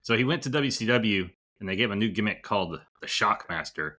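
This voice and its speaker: A man's voice: on the low side, lively intonation, fast, sharp tone. A man co-hosting a podcast, casually telling an easygoing story and chatting about old films. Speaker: podcast co-host. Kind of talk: casual chat.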